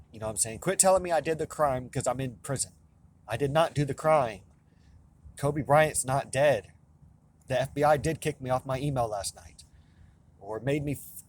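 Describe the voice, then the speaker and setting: A man talking straight to camera in a rambling, insistent monologue, swearing often and restarting his sentences. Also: mid-range voice. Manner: restless, insistent, profane, with many restarts. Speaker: vlogger.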